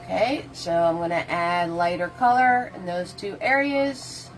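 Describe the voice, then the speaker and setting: A woman's voice: fairly low pitch, measured pace, faint music behind, poor audio. A woman giving a casual live painting tutorial, chatting with viewers and walking them through each step. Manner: chatty, answers viewer comments while painting; casual, loose step-by-step instructions. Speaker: painting instructor.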